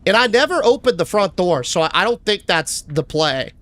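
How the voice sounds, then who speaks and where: A young man streaming a game live, chatting casually and answering his chat with shout-outs. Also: sits high, very animated, normal speed, a little hiss or hum.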